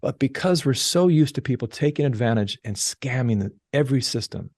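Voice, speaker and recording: Animated male storyteller, dry close mic. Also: mid-range voice, a little fast, dry recording. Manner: animated storyteller, acts out quoted voices. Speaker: podcast guest. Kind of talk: casual storytelling interview.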